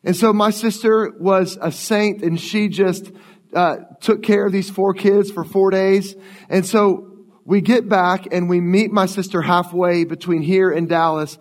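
A man's voice: high voice, steady tone, a little slow. A man in his late thirties preaching a sermon as pastor, telling stories in a conversational way. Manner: conversational storytelling. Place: church sanctuary. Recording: long church hall reverb.

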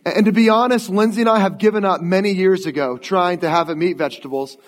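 A man's voice: high voice, fast. A man in his late thirties preaching a sermon as pastor, telling stories in a conversational way. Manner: conversational storytelling. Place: church sanctuary. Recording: long church hall reverb.

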